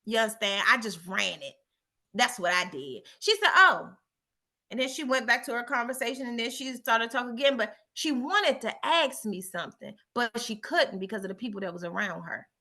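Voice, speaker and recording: A woman's voice: on the high side, animated, brisk, sharp tone. A middle-aged woman telling a story and giving a motivational talk, with emphatic repetition and a preachy tone. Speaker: motivational speaker.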